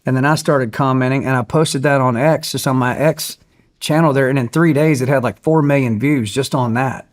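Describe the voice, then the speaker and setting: A man guest telling a story in casual conversation, animated and acting out the people he quotes. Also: medium pitch, moderate pace. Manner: animated, acts out quoted voices.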